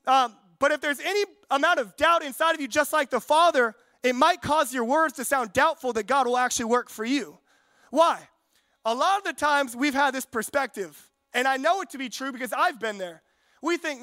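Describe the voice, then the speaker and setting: A young man preaching with a strikingly high, bright voice, conversational and fervent. He slips into acted-out quotes as he talks to the congregation. The sound is close and dry. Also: moderate pace, no echo. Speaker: pastor. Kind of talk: sermon.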